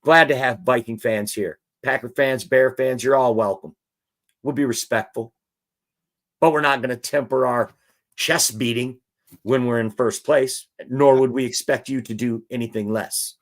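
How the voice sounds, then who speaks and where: A man's voice: mid-range voice, fairly even intonation, normal speed. A man hosting a live-stream football show, chatting and reading out viewer comments.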